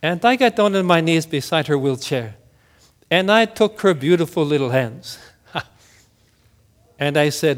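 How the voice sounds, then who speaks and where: High, animated male preacher. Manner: slow and emphatic, with dramatic drops to near-whispers. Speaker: pastor. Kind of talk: sermon.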